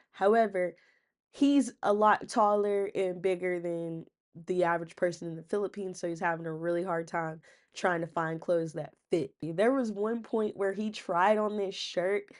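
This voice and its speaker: Sassy woman recapping reality TV. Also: fairly low pitch. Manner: chatty and sassy, slangy asides. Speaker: recap channel host. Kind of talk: casual TV recap monologue.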